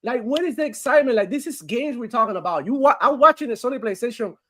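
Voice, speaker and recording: A man hosting a live gaming stream, talking in a casual, animated way, laughing often, swearing and calling people bro. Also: very high voice, fast talker.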